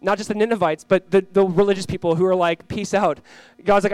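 A man preaching a sermon as pastor, impassioned, swinging from loud cries to hushed low lines, acting out quoted voices in a casual way. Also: quick pace, clear, resonant tone, no room sound. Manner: impassioned, voice rising and dropping sharply.

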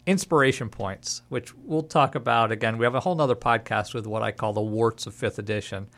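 A man's voice: mid-range voice, a little fast, a bit bright. A man hosting a casual gaming podcast who speaks as a dungeon master and gives his opinions bluntly.

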